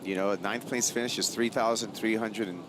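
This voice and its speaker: A man's voice: on the low side, steady tone, normal speed, noisy background. A man commentating live surfing in an easygoing way, laughing between calls. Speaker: surf commentator.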